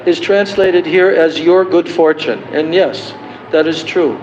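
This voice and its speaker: A man giving a devotional lecture, slowly explaining and chanting song verses as a spiritual teacher. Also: high-pitched, fairly even intonation, darkish tone, slight background noise. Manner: slow and deliberate, chanting verses. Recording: roomy, dull, lo-fi livestream.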